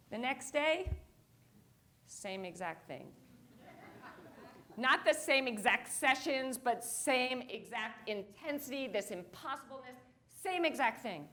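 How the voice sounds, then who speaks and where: A woman's voice: a little high, animated, a little slow, a bit bright. A woman giving a motivational talk on stage, telling a story and acting out her own reactions. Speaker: keynote speaker. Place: conference stage.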